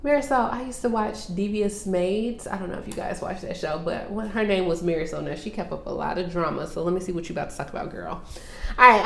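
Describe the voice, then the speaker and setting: A woman's voice: mid-range voice, lively intonation, a little fast, fairly bright tone, roomy sound. A woman hosting a casual Q&A vlog, sassy and teasing as she answers viewer questions and calls them girl and sis.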